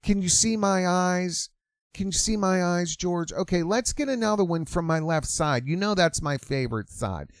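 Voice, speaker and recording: A man's voice: sits high, lively intonation, moderate pace, clear, resonant tone, dry recording. A man voicing a vain young woman who craves social media attention, in a mocking, self-absorbed way. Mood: vain, showy.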